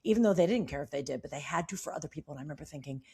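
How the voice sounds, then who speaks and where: Animated, swearing woman with a low voice. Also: rapid-fire, husky. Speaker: podcast co-host. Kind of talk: casual chat.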